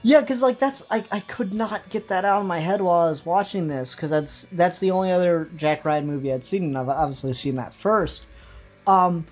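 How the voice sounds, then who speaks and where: A man's voice: high-pitched, moderate pace. A man co-hosting a podcast in casual chat, rambling, laughing and swearing casually. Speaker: podcast co-host. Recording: dull lo-fi recording with faint music.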